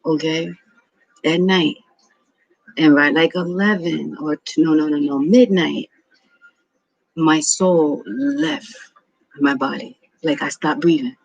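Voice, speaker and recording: Man in his 30s, rambling casual storyteller, a bit high, husky voice. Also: lively intonation, takes it slowly, long pauses, no room sound, highs cut off. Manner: rambling, profane, repeats himself. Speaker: vlogger.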